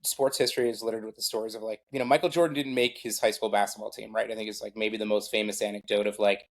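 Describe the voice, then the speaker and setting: A man's voice: on the low side, flat delivery, quick pace. A middle-aged man, a guest on a podcast, talking casually about sports in a rambling way full of fillers and self-deprecating asides. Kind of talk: casual conversation.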